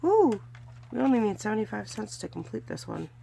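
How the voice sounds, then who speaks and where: Gravelly-voiced woman chatting casually. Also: medium pitch, fast talker, mellow, a little hiss or hum. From California, US. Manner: chatty, counting money aloud with little cheers. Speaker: budgeting vlogger. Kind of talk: casual narration while doing cash challenges.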